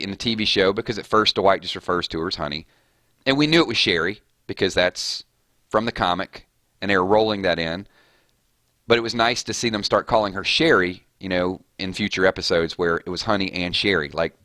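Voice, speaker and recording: Male gaming streamer, lowish bright voice, rambling and chatty, dry close sound. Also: a little fast, no echo. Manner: rambling, off on tangents. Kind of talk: casual chat while streaming.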